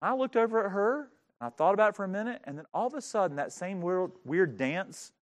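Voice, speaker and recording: A pastor telling a funny, self-mocking story during a sermon. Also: male voice, high-pitched, lively intonation, brisk.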